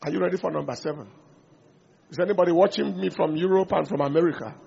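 A man preaching a sermon in an animated way, acting out small dialogues and asking the congregation questions. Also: fairly high pitch, fast, gravelly, husky, dull audio. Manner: animated, acts out little dialogues, asks the audience questions.

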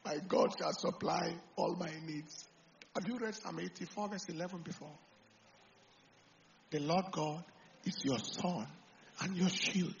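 A Nigerian man delivers a sermon as pastor, his high voice rough with gravel. He rises into loud, fervent declarations, then drops to quiet, confiding remarks. The recording sounds a little muffled, with faint noise underneath. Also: measured pace, pauses often. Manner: swings from loud preaching to quiet talk, slips into Pidgin.

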